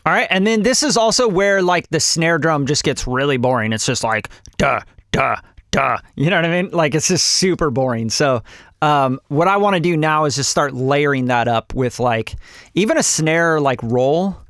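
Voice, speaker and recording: Chatty man, higher voice, dry sound. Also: animated, normal speed, fairly bright tone, no echo. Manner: loose and chatty, many fillers, hums drum rhythms; swears offhandedly. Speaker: music producer teaching. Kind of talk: casual live-stream tutorial.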